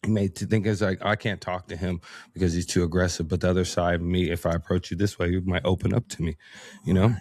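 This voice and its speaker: Animated, lower-voiced man telling stories. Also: fast, no echo. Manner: animated storyteller, acts out quotes, laughs often. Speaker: podcast guest. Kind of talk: casual conversation.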